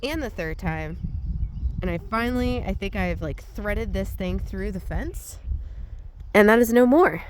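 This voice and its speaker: A young woman hosting a casual gratitude vlog outdoors on a rural property. She talks in a chatty way and slips into a high sing-song when she calls to her animals. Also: animated, unhurried, noisy background. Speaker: host.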